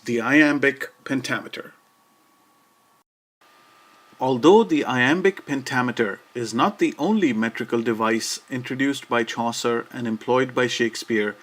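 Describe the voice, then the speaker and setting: A man giving a scripted educational narration about verse, measured and steady, slowing down to recite quoted lines. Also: medium pitch. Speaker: lecturer.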